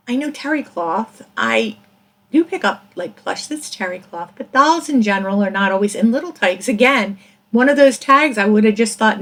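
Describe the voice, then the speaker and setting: A woman's voice: medium pitch, a little fast. Chatty woman rambling through her finds. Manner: chatty, rambling, laughs often. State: hiccuping. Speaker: reseller vlogger. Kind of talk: casual chat.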